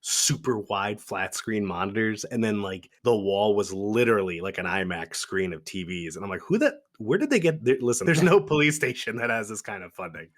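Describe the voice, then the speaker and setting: Laid-back low-voiced man co-hosting a podcast. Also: moderate pace, few pauses, a bit bright. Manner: laid-back, laughs often, says "dude" and "like" a lot. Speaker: podcast co-host. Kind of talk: casual movie-review chat.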